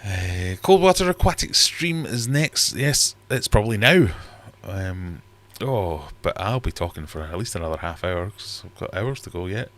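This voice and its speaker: Geordie bloke rambling on a home livestream, low voice, chatty. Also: male voice, animated, moderate pace, few pauses, fairly bright tone. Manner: rambling, chatty, reads out comments. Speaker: livestream host. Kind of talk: casual livestream chat. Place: home fish room.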